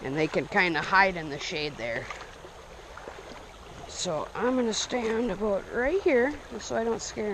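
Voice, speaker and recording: A man's voice: high voice, background noise. Laid-back Midwestern guy fishing a stream. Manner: excited outbursts when hooking fish. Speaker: fishing vlogger. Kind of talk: casual outdoor vlog narration. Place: outdoors by a small stream. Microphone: action camera. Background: running stream water.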